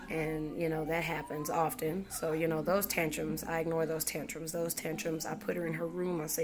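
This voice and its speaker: A young mother talks in a loose, chatty way, filling her sentences with "you know" and repeating herself. Her voice sits a little low for a woman. She is recording casually at home. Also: level tone, moderate pace. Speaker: mother vlogger. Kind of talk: casual parenting vlog. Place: at home indoors.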